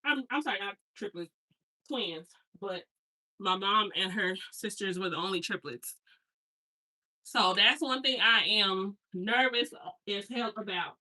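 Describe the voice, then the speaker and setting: A woman's voice: medium pitch, sing-song, measured pace, sharp tone, rough recording. A woman in her thirties, a hair stylist, chatting casually and telling rambling family stories with slangy asides while she unpacks. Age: 30s.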